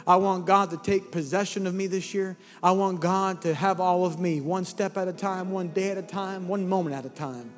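A man's voice: high-pitched, steady tone, moderate pace, few pauses. A man preaching as a pastor, telling a story and leading an altar call, impassioned and at times almost singing his words. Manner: impassioned, rising to near-singing fervor. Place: large church hall with congregation. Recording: long hall reverb with soft music and crowd.

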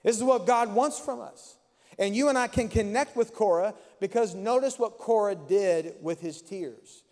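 A man's voice: high voice, moderate pace, darkish tone, long reverb tail. A man preaching a sermon as pastor, with an impassioned, repetitive cadence in a church sanctuary.

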